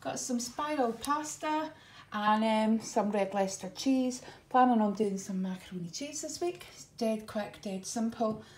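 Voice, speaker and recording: A woman's voice: a little high, unhurried, a little mellow. A middle-aged woman, chatting through her grocery haul in a homely way, full of ums and a little out of breath. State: a bit out of breath. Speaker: vlogger. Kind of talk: casual grocery haul chat. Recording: echoey room, faint noise.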